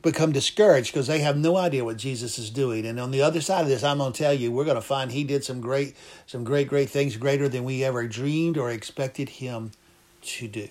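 A man's voice: mid-range voice, fairly quick, a little mellow. A man preaching a sermon, fervent and emphatic, repeating phrases for emphasis. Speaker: pastor.

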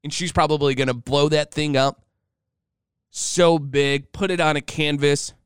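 Smooth-voiced chatty man in his thirties. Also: fairly high pitch, measured pace, dry recording, studio quality. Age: 30s. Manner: animated, chatty, jokey. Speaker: podcast host. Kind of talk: casual solo storytelling.

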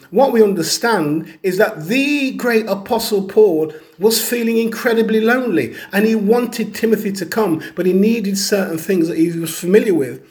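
A man's voice: sits high, a little mellow. A man giving an earnest teaching talk on grief, telling stories and acting out the people he quotes. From Caribbean heritage. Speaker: speaker on grief and bereavement.

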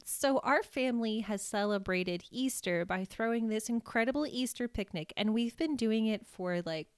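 A woman's voice: a little high, moderate pace, clear, resonant tone, dry recording, clean studio sound. A young woman co-hosting a podcast, telling family stories in casual chat and laughing often. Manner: chatty, laughs often, animated retelling. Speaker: podcast co-host.

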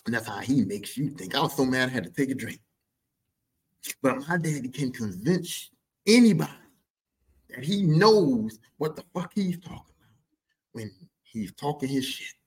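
A man hosting a podcast, telling a profane, animated story in a casual monologue and slipping into other people's voices. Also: medium pitch, moderate pace, pauses often, husky, rough recording. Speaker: podcast host.

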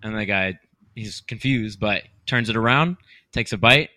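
An easygoing man with a bright, clear voice who jokes and laughs along in casual chat. The sound is dry and close to the mic. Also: lowish voice, moderate pace, no room sound.

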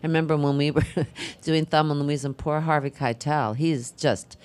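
An older actress speaking casually on a film panel, musing and halting, with frequent restarts and fillers. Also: female voice, low voice, fairly even intonation, darkish tone.

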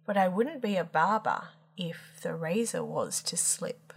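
Woman storyteller, unhurried pace, lilting playful reading, children's rhymes. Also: on the low side, vocal fry, husky. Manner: expressive, lilting, playful emphasis. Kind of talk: reading children's poems aloud.

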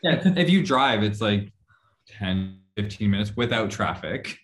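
A young man with a somewhat low voice talks bluntly and casually, swearing freely. He laughs in the middle of his sentences. It is relaxed conversation. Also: unhurried. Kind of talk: casual chat.

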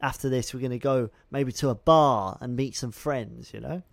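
A man's voice: medium pitch, moderate pace, creaky, no room sound. A man hosting a podcast, chatting casually and prompting his guest with easygoing asides. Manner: easygoing, prompting with "you know" and "right". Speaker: podcast host. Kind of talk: casual chat.

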